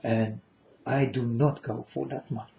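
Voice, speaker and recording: A man's voice: mid-range voice, steady tone, unhurried, vocal fry, mellow, a little hiss or hum. A man giving an earnest, repetitive, preachy monologue to his listeners, whom he calls folks. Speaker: vlogger. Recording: dull lo-fi recording.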